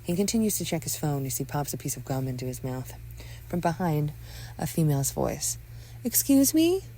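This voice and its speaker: A woman narrating a scripted audio story in an expressive storytelling manner on a close mic. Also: sits low, a little fast, a little hiss or hum.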